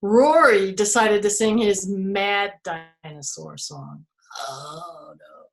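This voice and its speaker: A woman storyteller reading an interactive story to children, playful and expressive, asking her listeners questions. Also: medium pitch, slow pace.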